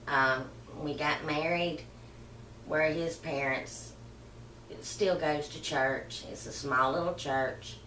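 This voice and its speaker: A middle-aged woman, rambling softly through an emotional personal story for her channel. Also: deep voice, slight background noise. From Southern United States. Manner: rambling, soft-spoken, emotional reminiscing. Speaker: vlogger. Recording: roomy and far from the mic.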